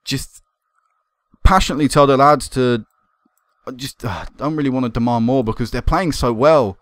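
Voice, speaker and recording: A young man commentating on a football management game, excitable and swearing when it goes wrong. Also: medium pitch, normal speed, no echo. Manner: excitable, swearing and laughing at goals. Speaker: gaming commentator.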